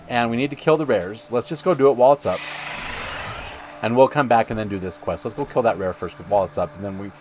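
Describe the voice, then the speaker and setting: A man hosting a gaming channel, talking through gameplay in a rambling, chatty way. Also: mid-range voice. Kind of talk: casual gameplay commentary.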